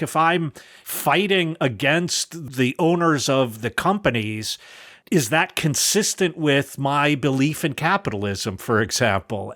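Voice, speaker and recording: A man co-hosting a philosophy podcast, explaining ideas in a thoughtful, measured way and posing rhetorical questions. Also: a little high, a bit bright, no room sound, clean studio sound. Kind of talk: casual philosophical discussion.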